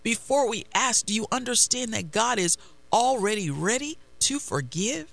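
A woman preaching a devotional sermon and reading scripture, slow and deliberate, repeating phrases for emphasis. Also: fairly high pitch, expressive, gravelly, fairly bright tone, no echo.

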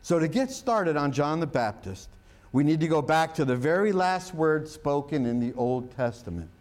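A man's voice: on the high side, animated, normal speed, darkish tone. A man preaching a sermon as pastor, mixing jokes and stories into his teaching and drawing out key words for emphasis. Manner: humorous, joke-telling preacher.

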